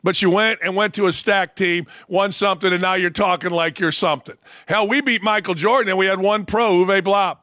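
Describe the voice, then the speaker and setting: A man's voice: high-pitched, steady tone, brisk, few pauses, pushed and bright, no echo, clean studio sound. A man hosting a sports talk show, ranting bluntly with profanity, mocking asides and sudden emphatic outbursts. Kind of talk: opinionated sports talk rant.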